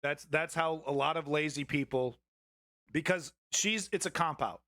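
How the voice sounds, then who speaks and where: A man's voice: on the high side, moderate pace, sharp tone, dry recording, studio quality. A man hosting a live political commentary stream, ranting heatedly and swearing at his chat.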